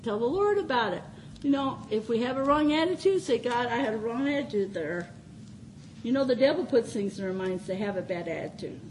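A woman's voice: sits high, a little hiss or hum, low-quality recording. An older woman giving an informal, folksy sermon in a small chapel, often laughing as she speaks. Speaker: preacher.

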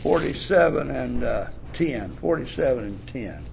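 A man preaching a revival sermon with impassioned swings between shouting and low murmuring, reading scripture in a slow, drawn-out cadence. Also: animated, creaky, a little hiss or hum.

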